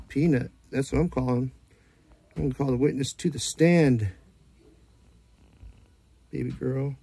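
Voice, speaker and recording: Man, gravelly, husky, mock-stern, teasing a pet. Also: medium pitch, takes it slowly, pauses often, warm tone, dry recording. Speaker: dog owner filming his pets. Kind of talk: mock-scolding chat to a dog.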